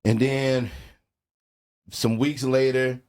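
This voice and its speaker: A middle-aged man from New Orleans, guesting on a podcast and speaking at an ordinary pitch. He tells his story in relaxed, casual talk, slipping "bro" and "man" between phrases and voicing each quoted line of dialogue as he goes. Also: extremely slow. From New Orleans, USA. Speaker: music producer guest.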